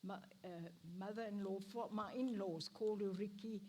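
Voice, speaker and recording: A woman's voice: medium pitch, fairly even intonation, normal speed, darkish tone. An older woman giving a personal testimony in church, emotional and acting out the lines she quotes. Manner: emotional, acts out quoted speech with laughs. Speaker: interviewee sharing her life story. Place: church stage.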